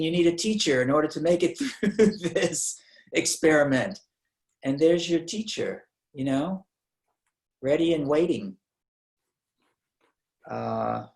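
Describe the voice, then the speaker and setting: Gravelly, casual, musing, throat-clearing, study group sharing. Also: medium pitch, lively intonation, slow pace, pauses often, darkish tone. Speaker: group discussion participant.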